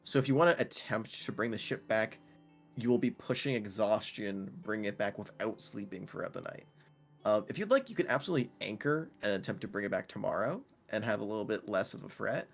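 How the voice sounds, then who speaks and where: A man's voice: on the low side, lively intonation, fairly quick, gravelly, faint music behind. A man narrating as game master in a tabletop role-playing game, laid-back and rambling.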